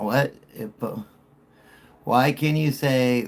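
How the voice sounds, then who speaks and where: A middle-aged man hosting a casual sports talk show, animated and joking as he banters with callers. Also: medium pitch, slow pace.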